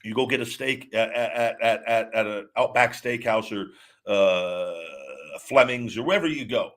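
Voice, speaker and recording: A man with a fairly low voice hosts a casual livestream. He rambles and restarts often, repeating little words as he reads and answers messages from viewers. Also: expressive, unhurried, a bit bright. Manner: answers viewer chat questions. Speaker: podcast host.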